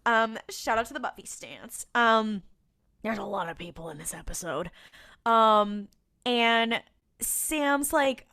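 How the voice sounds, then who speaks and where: A woman's voice: on the high side, animated, takes it slowly, sharp tone. A woman co-hosting a podcast, recapping a TV episode in a rambling, casual way with lots of fillers and frequent laughter. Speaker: podcast co-host.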